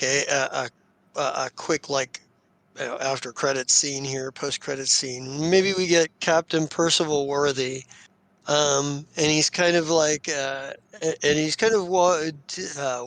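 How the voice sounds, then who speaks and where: Guy running a live tabletop game stream, lots of um and like, halting narration, kinda high voice, dry close mic. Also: fairly bright tone, dry recording. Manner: halting, many fillers and restarts. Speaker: game master and host. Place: home streaming setup.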